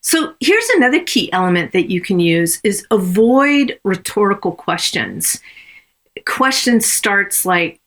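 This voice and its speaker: Measured woman coach teaching. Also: medium pitch, big pitch swings, fairly bright tone. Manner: measured, reflective, with frequent ums. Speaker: coach and consultant. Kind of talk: podcast teaching on coaching conversations.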